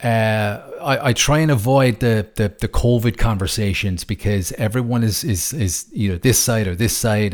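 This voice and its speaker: An enthusiastic Irish podcast host who lives in Switzerland runs a casual interview, often stumbling and restarting. His voice is lowish and a little mellow.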